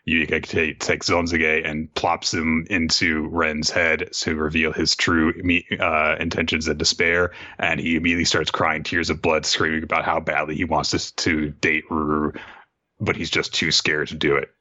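A man co-hosting a podcast, recapping a comic in an animated, rambling way with frequent laughs. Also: rumbling low, normal speed, highs cut off. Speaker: podcast co-host.

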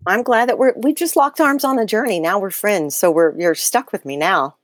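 A middle-aged woman, excitable and animated, talking casually as a guest on a faith podcast. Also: medium pitch, moderate pace, no echo, clean studio sound.

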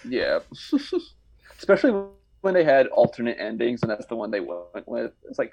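A young man recounts anecdotes in a relaxed podcast chat, full of fillers and restarts. His voice has a gravelly fry, and he laughs easily. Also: medium pitch, moderate pace, lo-fi sound. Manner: rambling storyteller, hesitant, laughs often. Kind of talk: casual chat.

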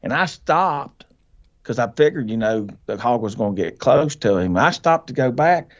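A man telling a hunting story as a podcast guest, animated and folksy, laughing often and acting out what people said. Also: medium pitch, normal speed, highs cut off. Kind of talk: casual storytelling.

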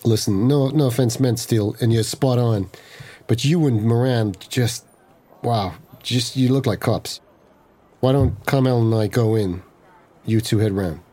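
A man's voice: mid-range voice, measured pace, mellow. A man playing a tabletop game, talking playfully and often restarting his sentences. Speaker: player. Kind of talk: tabletop game play, in character.

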